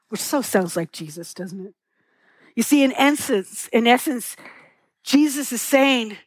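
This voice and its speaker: A middle-aged woman preaches with a bright, high voice, tender and earnest as she tells stories and asks rhetorical questions. Her voice comes through a close mic, dry with no room echo. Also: a little slow. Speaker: pastor. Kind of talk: sermon.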